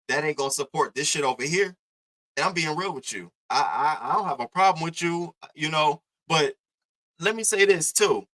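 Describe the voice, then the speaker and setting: A young man from Baltimore giving profane, animated drama commentary, acting out what others said. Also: normal speed, rough recording. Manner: profane, animated, reenacts others in pitched-up voices. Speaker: commentary livestreamer.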